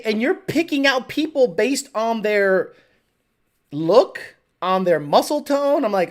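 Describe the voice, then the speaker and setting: A woman hosting a live show, telling stories in a loose, profane way. Her pitch swings widely as she tells them, and she laughs often between lines. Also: very animated, normal speed. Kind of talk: casual storytelling.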